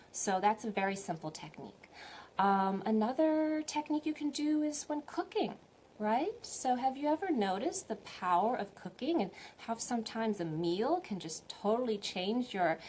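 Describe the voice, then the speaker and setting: A woman spiritual teacher giving a live online talk, gentle and encouraging, often putting questions to her viewers. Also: medium pitch, slight background noise.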